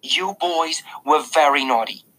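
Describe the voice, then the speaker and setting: Strict, preachy storybook babysitter, slow and scolding, read by a man with a bright, husky voice. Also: a little high, voice pushed up, low-quality recording. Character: stern, devout woman babysitter.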